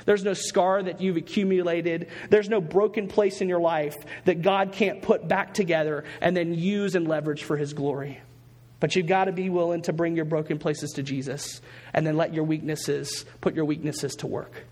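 A male pastor delivers an earnest sermon, repeating his key phrases for emphasis. His voice sits high for a man. The sound rings with the long reverb of a church sanctuary. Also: fairly even intonation, normal speed, darkish tone.

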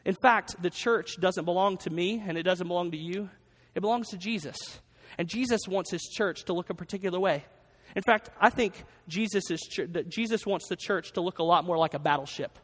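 A high-pitched male pastor delivers an energetic sermon, hammering his points home through repetition. His voice rings out with a long reverb, as if it fills a large church hall. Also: brisk. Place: church sanctuary.

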